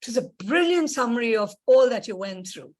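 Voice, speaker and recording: A woman giving a measured, gracious evaluation of a speech at a club meeting. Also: a little high, lively intonation, a little mellow.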